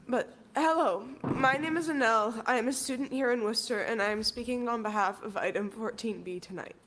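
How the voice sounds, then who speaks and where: A woman's voice: a little high, brisk, few pauses, fairly bright tone. A young woman student, emotional and near tears, earnestly reading a prepared statement at a public meeting. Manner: earnest, declamatory. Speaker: student speaker at public comment.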